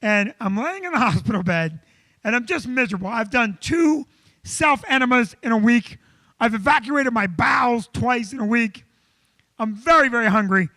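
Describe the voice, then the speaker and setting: With a very high-pitched voice at normal speed, a male comedian hosts a live show from a comedy club stage, launching into an animated, self-deprecating tale.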